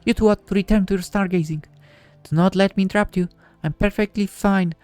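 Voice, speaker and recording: A man's voice: sits high, fairly even intonation, a little fast, darkish tone, no room sound, soft background music, voice pushed up, natural voice. A stiffly formal woman professor from a visual novel, put on by a man. Her raised voice is lifted well above the reader's own, and her speech is prim and ornate. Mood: reassuring. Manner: stiff, elaborate formal phrasing. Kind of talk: reading a visual novel aloud.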